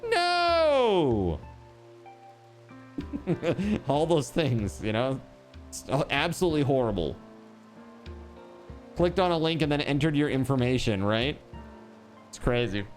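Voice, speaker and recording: Casting: male game streamer, lively up-and-down delivery, casual and jokey, profane, faint music underneath. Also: mid-range voice, normal speed, long pauses. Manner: animated, joking, swears freely. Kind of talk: casual chat while gaming.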